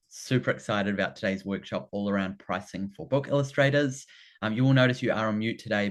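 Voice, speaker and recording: A man with a New Zealand accent hosts a live online workshop over a video call. His voice sits a little low, and his tone stays eager as he keeps greeting people and calling things fantastic. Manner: enthusiastic, keeps repeating "fantastic" and "amazing". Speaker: workshop host. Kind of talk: upbeat live webinar hosting.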